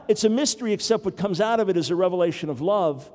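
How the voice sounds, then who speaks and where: A man's voice: sits high, fast talker, few pauses, a little mellow, long reverb tail. An older man, a grandfather, preaching a sermon earnestly with wry humor. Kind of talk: sermon teaching.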